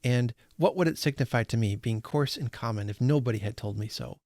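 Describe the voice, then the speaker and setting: A man's voice: medium pitch, a little fast, a little mellow, dry recording, lightly acted. A man reading aloud the lines of a discontented young man, impatient and earnest. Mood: wistful.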